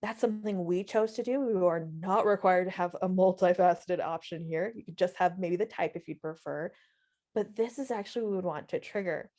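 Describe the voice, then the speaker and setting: Female webinar trainer, warm mellow tone, patient step-by-step explainer. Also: fairly low pitch, a little fast. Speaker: software trainer. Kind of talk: live webinar instruction.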